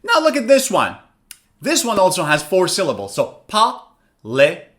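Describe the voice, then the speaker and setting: A man teaching an online pronunciation lesson, talking in a lively, animated way and drilling words slowly for listeners to repeat. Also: high voice.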